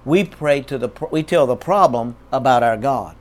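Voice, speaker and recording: A man's voice: mid-range voice, moderate pace. A man preaching a sermon as a pastor, emphatic and repeating key words.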